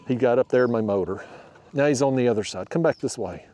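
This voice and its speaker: A man, chatting to his viewers in a folksy, excitable way while fishing from a small boat. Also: mid-range voice, fast talker, a little hiss or hum. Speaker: fishing vlogger. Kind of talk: casual narration while fishing.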